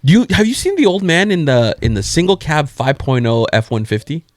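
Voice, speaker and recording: Man, podcast co-host, casual slangy storytelling, lively swinging intonation, dry close sound. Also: a little high, fairly quick, dry recording. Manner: animated slangy storyteller, acts out quoted people. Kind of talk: casual chat.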